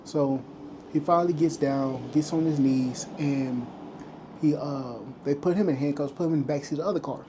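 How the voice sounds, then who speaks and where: A man's voice: a little high, normal speed, mellow, slight background noise. A man vlogging, casually retelling a story to camera and acting out the lines of the people in it. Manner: retells events loosely, acting out quoted lines.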